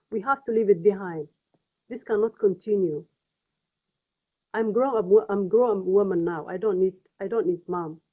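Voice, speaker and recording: A woman from Somalia with a Somali accent and Somali as her first language, speaking English in an earnest, pleading, halting personal vlog testimony. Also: mid-range voice. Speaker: vlogger. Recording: tinny phone-like audio.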